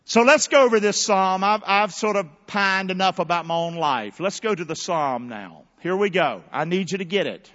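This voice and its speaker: A middle-aged male pastor preaching a sermon, leading the congregation in call-and-response and rising to shouts. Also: sits high, lively intonation, moderate pace, hardly any pauses. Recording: dull sound with long church reverb.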